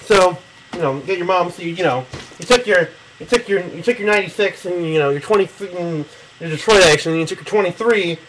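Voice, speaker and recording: A young man with a high, bright voice rambles through a casual explanation while he draws a map, swearing and laughing often. He talks close to a camera mic, and a faint hiss sits under his voice. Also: fairly quick, rough recording. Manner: profane, joking, laughs often. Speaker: video replier. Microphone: camera mic close to the face.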